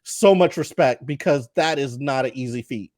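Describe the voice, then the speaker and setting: A man's voice: mid-range voice, normal speed, darkish tone, no echo, studio quality. A man hosting a podcast who chats casually about his new baby, laughs often and acts out the baby's cries. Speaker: podcast host. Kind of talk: casual chat.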